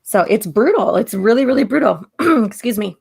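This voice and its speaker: A woman co-hosting a casual live-stream chat. She is slightly hoarse and losing her voice, and she giggles often while reading out viewer messages. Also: mid-range voice, expressive, moderate pace, darkish tone. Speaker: podcast co-host.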